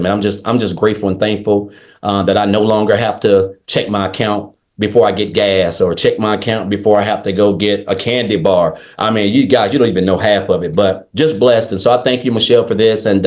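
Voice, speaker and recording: A man's voice: lowish voice, darkish tone. A man on a video call giving a grateful, casual testimonial. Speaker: webinar guest.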